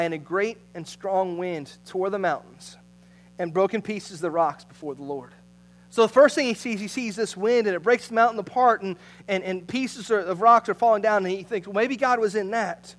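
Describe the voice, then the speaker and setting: A man preaching a sermon, moving between loud, emphatic passages and hushed, near-whispered ones. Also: high-pitched, rough recording. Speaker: pastor.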